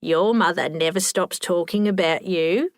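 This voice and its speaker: A woman voicing a loud, bossy elderly woman who likes to correct others. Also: on the low side, a little slow, no echo, clean studio sound. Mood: boisterous.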